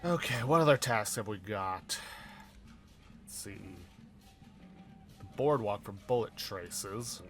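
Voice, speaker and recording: A man's voice: lowish voice, animated, slow pace, pauses often, fairly bright tone, faint music behind. A man giving casual, upbeat commentary while playing a video game. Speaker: let's play host.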